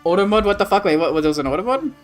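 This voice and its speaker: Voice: mid-range voice, animated, rapid-fire, faint music behind. An Australian streamer chatting casually during a live strategy game, answering chat in a rambling way with plenty of swearing.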